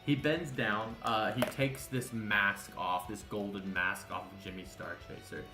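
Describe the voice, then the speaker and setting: A man's voice: fairly low pitch, fairly even intonation, unhurried, music in the background. A man narrating as game master, rambling with many fillers. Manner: rambling, filler-heavy, laughs often. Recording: echoey room.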